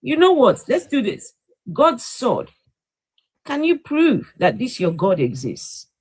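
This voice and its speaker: A woman's voice: a little high, wildly swooping pitch, takes it slowly, a little mellow, husky, low-quality recording. A woman with a Nigerian accent hosting a live call-in debate, pressing her question again and again. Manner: insistent, repeats her question.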